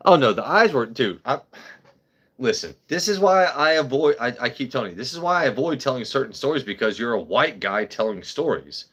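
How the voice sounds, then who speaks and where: A man's voice: medium pitch, brisk. Rambling, foul-mouthed man telling stories. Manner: rambling, profane, animated. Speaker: host. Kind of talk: casual livestream storytelling.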